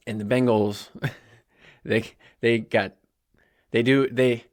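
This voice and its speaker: A man hosting a sports podcast, talking through a game in a casual, animated way with asides. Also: mid-range voice, slow. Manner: conversational, animated, with asides and small laughs. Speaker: podcast host.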